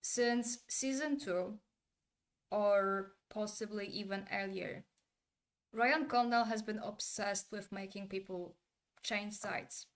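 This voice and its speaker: A woman's voice: medium pitch, slow. Blunt, opinionated woman streamer. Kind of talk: casual livestream commentary.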